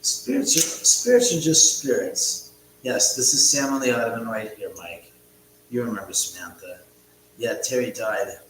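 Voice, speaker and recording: A man's voice: lowish voice, moderate pace. Casting: chatty, foul-mouthed man hosting a late-night home livestream, very echoey room with faint hum. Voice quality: rambling, profane, chatty. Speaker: livestream host. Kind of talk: casual livestream chat. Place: his own house, indoors.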